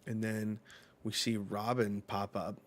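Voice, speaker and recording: A man with a low voice talks through a comic chapter live, swearing casually and reading the characters' lines out loud. His delivery is slow and relaxed, with an easygoing, offhand manner. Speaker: streamer. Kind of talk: live manga reading reaction.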